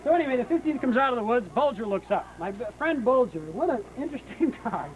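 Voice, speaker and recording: A man guiding an outdoor battlefield tour, telling history as a lively story and acting out what people said. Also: extremely high pitch, fast talker, low-quality recording. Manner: lively storyteller, acts out quotes. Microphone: hand-held camera. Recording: outdoor camcorder recording with noise.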